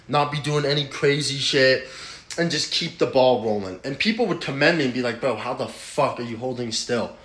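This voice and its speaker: A man's voice: mid-range voice, fairly bright tone. A young man casually telling a rambling, profane personal story in slangy talk. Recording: roomy echo.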